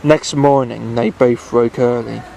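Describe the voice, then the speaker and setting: A man reading a bedtime story aloud at an unhurried, halting pace, often restarting his phrases. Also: medium pitch, fairly even intonation, vocal fry, dark tone, slight background noise, low-quality recording.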